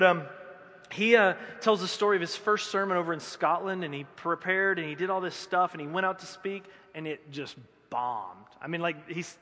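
A man's voice: fairly high pitch, a bit bright. A man preaching a sermon as pastor, conversational and self-deprecating, with joking acted asides. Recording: echoey hall.

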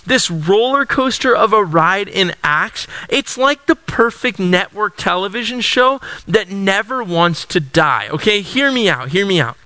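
Young man, pastor, sermon, dramatic and animated storytelling, high voice, dry close sound. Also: a little slow, hardly any pauses, clear, resonant tone, dry recording, low-quality recording.

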